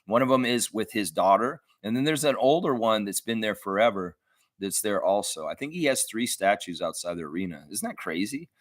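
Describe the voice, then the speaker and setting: A man's voice: on the low side, a little fast, dry recording. Chatty man hosting a live fan stream. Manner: chatty and animated, gets loud and excited at friends' shout-outs. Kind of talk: casual live-stream chat, reading viewer comments.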